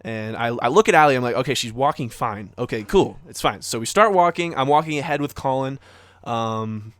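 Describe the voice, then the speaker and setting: A man's voice: medium pitch, a little fast, a bit bright, no room sound. A young man co-hosting a podcast, telling a story in a casual, rambling way full of fillers and acted-out quotes. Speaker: podcast co-host.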